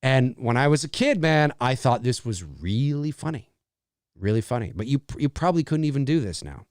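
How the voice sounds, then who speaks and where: A man's voice: mid-range voice, big pitch swings, moderate pace, darkish tone, no echo, clean studio sound. A middle-aged man hosting a casual live movie commentary, chatty and laughing often as he talks over the film.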